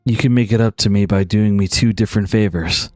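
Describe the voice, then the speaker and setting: A man's voice: on the low side, a little fast, dry recording, studio quality, soft background music, lightly acted. A man voicing a wry, teasing young adventurer. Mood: wry tender. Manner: soft, wry and self-deprecating.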